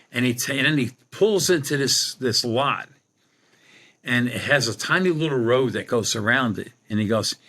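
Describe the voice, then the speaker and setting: In a podcast interview, a middle-aged man who works as a medium and paranormal investigator recounts an extended story and plays out each exchange. The tone is sharp, the pitch mid-range.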